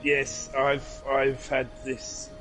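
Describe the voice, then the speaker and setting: A man's voice: mid-range voice, monotone, very slow, fairly bright tone, soft background music. A man chatting playfully and joking while playing a game on a stream. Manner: playful, jokey. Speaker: co-player on stream. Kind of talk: casual gaming chat.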